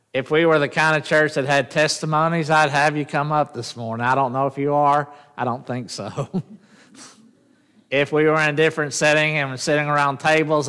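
A man's voice: a little high, sharp tone, clear, resonant tone. A man preaching a sermon as pastor, often asking the congregation questions and drawing them in. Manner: call-and-response, asks the congregation questions. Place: church sanctuary. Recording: echoey church hall.

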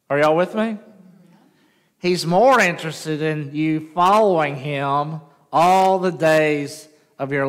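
Pastor preaching in a reverberant church. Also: male voice, on the high side, fairly bright tone. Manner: conversational preaching with rhetorical questions to the congregation. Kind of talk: sermon. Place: church sanctuary. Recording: long hall reverb.

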